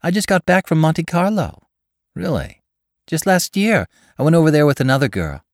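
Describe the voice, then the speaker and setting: An eager, gossipy young woman, put on by a male narrator who chatters breathlessly about parties and travel. Her voice sits high and swoops about excitedly. The reading is dry and close. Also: moderate pace, no echo.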